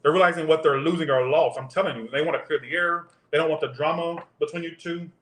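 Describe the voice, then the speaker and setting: A man's voice: on the high side, fast, a bit bright, roomy sound. A man giving a casual tarot reading, rambling off into profane tangents. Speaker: tarot reader.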